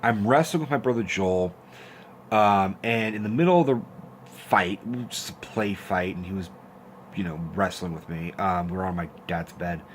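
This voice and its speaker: A young man with a fairly low voice rants casually about his past, swearing freely and jumping into squeaky impressions as he tells the story. Faint room ambience sits behind him. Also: normal speed, slight background noise. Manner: animated, profane, acts out quotes with squeaky voices. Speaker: host of a horror film rant channel.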